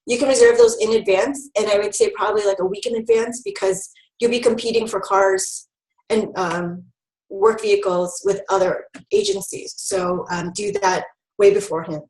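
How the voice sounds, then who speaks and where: A woman's voice: mid-range voice, fairly even intonation, normal speed, a little mellow, roomy sound, low-quality recording. A woman giving an online training talk to new health educators, upbeat and instructive, with frequent ums.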